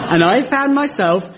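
A man giving a deadpan satirical lecture in a mock-formal, dry manner. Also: extremely high pitch, muffled recording, very noisy. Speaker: comedy lecturer.

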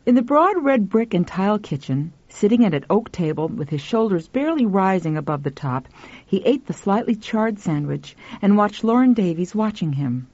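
Narrator, woman, audiobook, lively delivery, dry muffled recording. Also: medium pitch, moderate pace, dry recording.

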